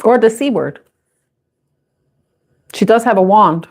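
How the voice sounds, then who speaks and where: A woman's voice: medium pitch, lively intonation, slow pace, pauses often, darkish tone. A young adult woman doing a live intuitive tarot reading, chatty and casual, laughing often and swearing freely. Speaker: tarot reader.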